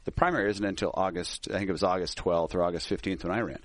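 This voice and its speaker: A man's voice: sits low, steady tone, fast talker, no echo. A middle-aged man from Minnesota, a politician guest, telling stories in a casual talk show and laughing often.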